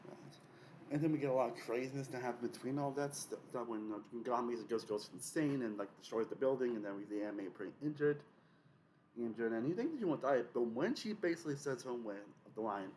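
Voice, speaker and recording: A man's voice: mid-range voice, a little mellow, a little hiss or hum. A young man hosting a casual video essay, rambling with many fillers and restarts.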